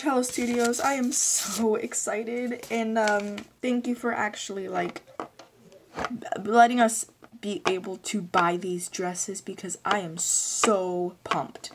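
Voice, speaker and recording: A young woman hosting a casual unboxing vlog, gushing and excitable, gasping and saying "like" a lot. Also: mid-range voice, slow pace, slight background noise. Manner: gushing and excitable, with gasps and many "like"s. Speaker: channel host.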